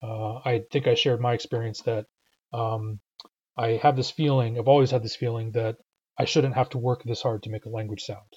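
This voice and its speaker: A man explaining pronunciation in a recorded lesson, patient and methodical, often pausing with "uh". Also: medium pitch, fairly even intonation, a little mellow, breathy edge, muffled recording. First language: English. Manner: patient, explanatory, frequent uh fillers. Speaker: language teacher.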